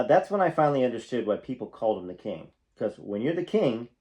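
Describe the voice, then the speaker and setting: A man's voice: lowish voice, darkish tone. A man hosting a channel, reading a book aloud and stopping often for casual, folksy comments. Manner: breaks off to comment, folksy and conversational.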